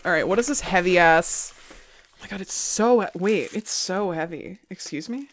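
A woman's voice: lowish voice, animated, normal speed, slight background noise. A woman co-hosting a podcast in casual chat, giggling, gushing and swearing freely. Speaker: podcast co-host.

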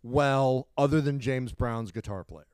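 A middle-aged man co-hosting a casual podcast chat, animated and rambling, with lots of restarts. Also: mid-range voice, unhurried, smooth, no echo. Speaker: podcast co-host.

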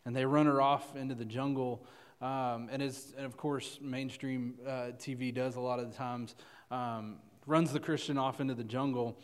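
A man preaching to students in a relaxed, storytelling way, dotting his talk with "uh" and "right?". His pitch sits at a middle level. A long hall reverb trails his voice. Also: moderate pace, clean tone. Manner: loose and chatty, many "uh"s and "right?" tags. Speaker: youth pastor. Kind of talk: conversational sermon storytelling.

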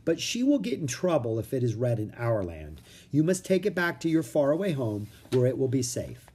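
A man voicing a kind, wise older philosopher in a children's storybook reading, slow and measured. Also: mid-range voice, very animated, a little mellow, breathy edge.

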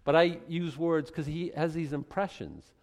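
A man's voice: fairly high pitch, moderate pace, a little mellow. A male pastor with a Boston accent, preaching a conversational sermon full of rhetorical questions and self-corrections.

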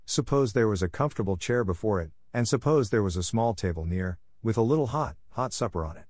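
A man voicing a grave, gentle little girl who speaks softly and sadly. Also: lowish voice, expressive, brisk, dry recording. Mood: wistful. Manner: soft, subdued.

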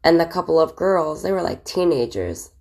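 Low gravelly woman telling stories. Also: big pitch swings, normal speed, a little mellow. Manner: chatty and candid, with frequent fillers and laughs. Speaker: vlogger. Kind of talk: casual storytelling, recalling childhood.

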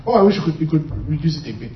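Preacher, male, high pitch, emphatic call-and-response, dull distant recording. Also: animated, very fast, echoey room, slight background noise. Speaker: pastor. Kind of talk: sermon.

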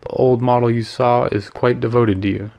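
A man's voice: medium pitch, fairly even intonation, moderate pace, gravelly, dull audio, natural voice. A man reading the part of a witty, worldly male painter who teases his friend and slips in French phrases. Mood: amused. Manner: breezy, teasing, lightly sprinkles French phrases.

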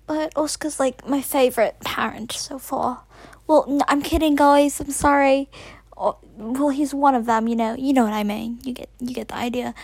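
A woman's voice: high-pitched, a little mellow, no echo. A woman hosting a podcast in a put-on British accent, rambling nervously with whispered asides and self-corrections. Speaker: podcast host. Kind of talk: casual rambling monologue.

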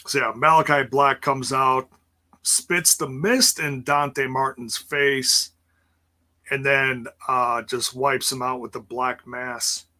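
A man's voice: mid-range voice, fairly even intonation, slow pace, sharp tone. A man casually recapping wrestling for a live chat, rambling with ums and sarcastic asides. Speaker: wrestling show recap host.

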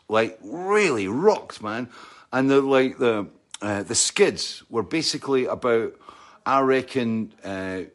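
A man with a Scottish accent telling a rambling anecdote, often checking in with "right?" and mimicking sounds with his mouth. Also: mid-range voice.

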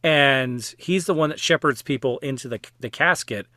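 A man with a bright, crisp voice talks wryly about a film in a casual podcast chat. The sound is dry and close, with no room around him. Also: medium pitch, normal speed, no echo. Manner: chatty, wry, fillers like "like". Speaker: podcast guest or co-host.

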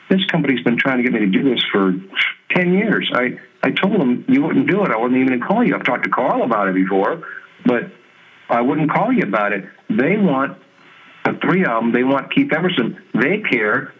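A man being interviewed as a guest musician, telling stories in a lively conversational way, acting out other people's lines and laughing often. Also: medium pitch, moderate pace, husky. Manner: animated storyteller who mimics others' voices and laughs often. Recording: tinny phone-like line.

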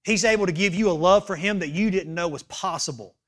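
Emphatic higher-voiced male pastor preaching. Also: fairly quick. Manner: emphatic, swings from hushed asides to loud appeals; fills with "okay?" as a check-in. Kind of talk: sermon.

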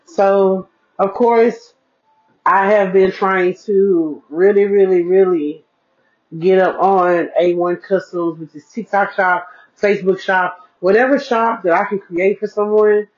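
A woman's voice: medium pitch, steady tone, slow pace. A woman hosting a casual solo podcast, chatting to her listeners, repeating phrases for emphasis and calling them y'all. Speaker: podcast host, single mom. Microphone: podcast mic. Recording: dull lo-fi recording.

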